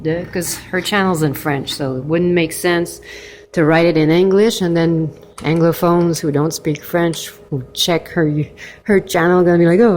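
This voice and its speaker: A sick woman rambles chattily through a casual vlog from a hostel's kitchen and common room, laughing now and then. Her lowish voice is a little mellow, with slight background noise behind it.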